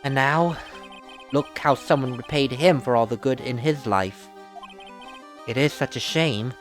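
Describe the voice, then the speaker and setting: A woman voicing a gentle, devoted young male circus acrobat in a game, in a deliberately deeper voice, with faint game music behind. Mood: earnest.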